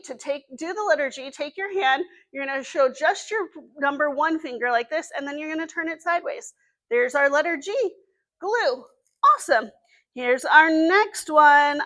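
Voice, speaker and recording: A woman's voice: high voice, a bit bright. A woman with a Southern US accent leading a children's story time as librarian, with an encouraging sing-song teacher voice.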